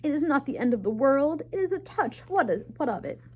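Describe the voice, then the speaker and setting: A woman voicing a fussy, excitable French mother mouse in a storybook reading, with a shrill, exclaiming manner. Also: a little fast. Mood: frantic.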